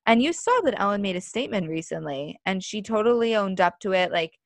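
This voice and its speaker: A woman's voice: mid-range voice, expressive, a little fast, no room sound. A young woman in her twenties co-hosting a casual podcast, chatty and opinionated, full of "like" fillers. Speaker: podcast co-host. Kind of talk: casual chat.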